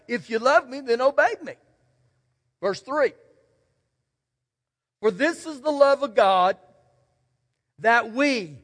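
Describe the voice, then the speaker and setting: High-voiced pastor in a reverberant church. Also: male voice, fairly bright tone. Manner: folksy, storytelling, emphatic repetition. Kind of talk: sermon. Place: church sanctuary. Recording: long church hall reverb.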